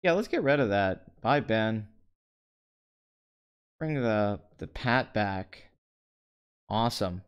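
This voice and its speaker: Male film host, low and clean voice, sarcastic and deadpan. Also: slow, long pauses, smooth, muffled recording. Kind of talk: comedic box office chat.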